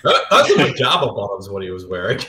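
A man chatting casually over a movie, cracking jokes and laughing when he trips over them. His voice sits fairly low but swings up and down a lot. The room sounds roomy, with a faint hum of ambience behind him. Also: huge pitch swings, fast talker, crowd noise. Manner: jokey, laughs through his own fumbled jokes. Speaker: podcast co-host. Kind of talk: casual movie commentary chat.

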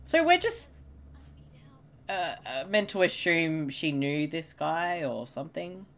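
A woman's voice: low voice, big pitch swings, takes it slowly. A woman co-hosting a casual movie commentary, questioning and puzzling over the plot. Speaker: co-host.

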